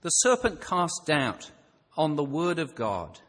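A man's voice: fairly high pitch, big pitch swings, slow, a bit bright. Man preaching in a reverberant hall. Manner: conversational, thinking aloud with rhetorical questions. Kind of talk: sermon.

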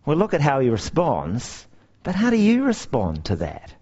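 A man preaching a sermon, telling stories with lively, emphatic repetition. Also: mid-range voice, moderate pace, breathy edge. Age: young adult to middle-aged parent. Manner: animated storytelling with emphatic repetition. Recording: dull lo-fi recording.

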